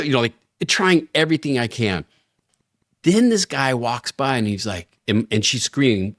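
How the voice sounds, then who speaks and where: A middle-aged man co-hosting a podcast, telling a story in a lively way and acting out the quoted voices. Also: mid-range voice, normal speed, no room sound, studio quality. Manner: animated storyteller, acts out quoted lines. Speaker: podcast co-host. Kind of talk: casual storytelling chat.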